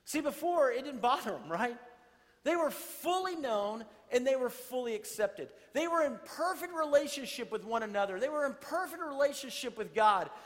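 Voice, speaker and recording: A man preaching a sermon to a congregation, conversational and animated, with playful asides. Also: extremely high pitch, moderate pace, big-room sound. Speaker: pastor.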